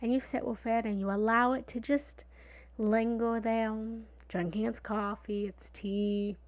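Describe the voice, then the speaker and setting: A woman giving a motivational talk in a lively, conversational way. She sometimes drops into a whisper for emphasis and repeats phrases playfully. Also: a little high, measured pace. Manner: repetitive, playful analogies. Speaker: motivational speaker.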